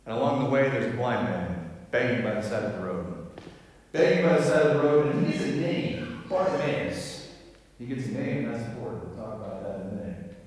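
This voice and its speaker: A male pastor delivers a sermon, bringing the story to life with animated, acted-out voices. He sounds a little distant from the mic, and his words ring through a big, echoing hall. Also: on the low side. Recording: echoey hall, heard from a distance.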